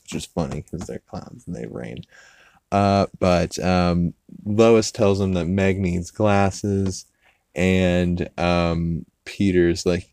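A man's voice: low voice, steady tone, a little slow, darkish tone, clear, resonant tone, no room sound, clean studio sound. A man hosting a podcast, casually recapping an episode with lots of fillers and swearing. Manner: rambling, swears a lot, many fillers. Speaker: podcast host.

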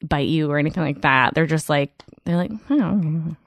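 Woman guest on a podcast, low-ish voice, lots of um and like, dry mic. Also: brisk, no echo. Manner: animated storyteller with many fillers and restarts. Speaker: comedian guest. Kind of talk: casual podcast chat.

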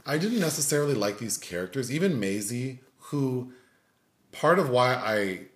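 A man's voice: mid-range voice, lively intonation, normal speed, fairly bright tone. A man giving a rambling, filler-heavy critique of a film in casual chat. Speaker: film reviewer. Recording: roomy echo.

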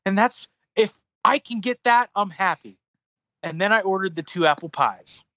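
A man's voice: high voice, moderate pace, no echo. A man casually retelling a frustrating story as a podcast host, heavy on swearing and getting heated. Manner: profane, heated, animated retelling.

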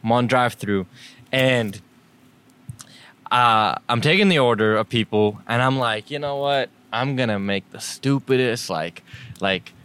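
A man's voice: mid-range voice, unhurried, fairly bright tone, clean tone. A young man from the Middle East, hosting a casual chat and telling a story with lots of laughter, acting out both sides of the conversations. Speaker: podcast host telling a story.

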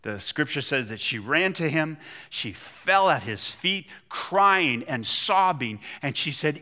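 A man's voice: on the high side, animated, takes it slowly, sharp tone. A man preaching a sermon, retelling a scripture story and acting out the quotes with feeling. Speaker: pastor.

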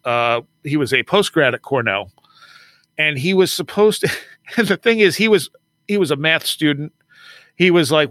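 Chatty man with a bright voice. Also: on the high side, no room sound. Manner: chatty, acts out quoted dialogue, frequent laughs. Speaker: podcast guest, author and paranormal researcher. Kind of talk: casual storytelling interview.

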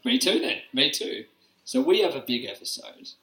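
A man co-hosting a live podcast, loud and joking, swearing casually as he introduces guests. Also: mid-range voice, big pitch swings, normal speed. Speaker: podcast co-host. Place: room with a live audience. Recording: echoey room.

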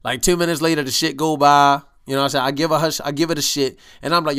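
A young man hosting a podcast, telling a story in a casual, animated way with heavy street slang and acted-out quotes. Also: a little high, fast, smooth. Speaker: podcast host.

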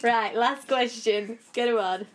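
Woman, podcast co-host; higher-pitched, giggly, teasing banter. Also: a little slow. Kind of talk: casual chat. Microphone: podcast mic with headphones.

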